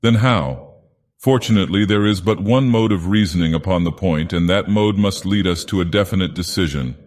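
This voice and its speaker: A man doing Dagoth Ur, deep and echoing. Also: normal speed, a little mellow, lightly acted. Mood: brooding. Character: deep-voiced godlike male villain reading a tale. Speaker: audiobook narrator. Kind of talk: storybook narration in character. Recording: long hall reverb.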